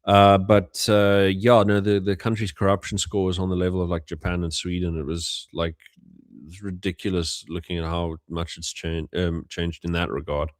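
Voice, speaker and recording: A man's voice: low-pitched, flat delivery, moderate pace, dry recording, studio quality. A young man from South Africa, hosting a casual livestream and telling stories with many fillers and restarts. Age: young adult. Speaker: host.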